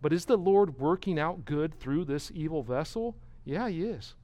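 A man's voice: on the high side, animated, moderate pace, dark tone, dry recording. A man, a pastor, giving an expository sermon with emphatic delivery and rhetorical questions.

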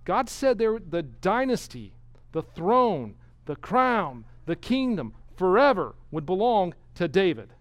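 A man's voice: sits high, big pitch swings, slow, no room sound. A man, a pastor, giving an expository sermon with emphatic delivery and rhetorical questions.

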